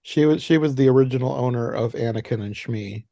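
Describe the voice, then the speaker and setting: A man hosting a casual movie podcast, retelling plot details in an animated way and laughing often. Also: mid-range voice, a little fast, vocal fry, no echo, clean studio sound. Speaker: podcast host.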